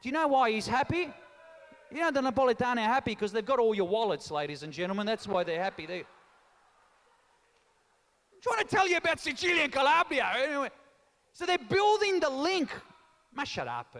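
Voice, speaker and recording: A man's voice: very high voice, big pitch swings, a little fast, long pauses, fairly bright tone. A man doing live stand-up comedy and teasing the crowd, mixing in Italian phrases. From Australia. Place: large town hall stage. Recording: long reverb of a hall.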